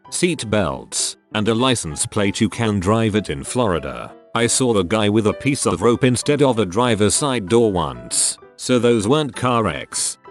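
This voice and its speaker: A man narrating online stories in a steady, scripted reading style. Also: on the low side. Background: faint background music.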